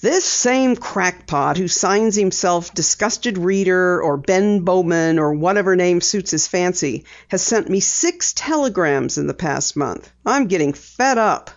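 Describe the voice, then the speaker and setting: A woman voicing a gruff, irritable middle-aged male newspaper editor who snaps and growls, on a slightly dull recording. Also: lowish voice, animated, unhurried, hardly any pauses. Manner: snapping, growling.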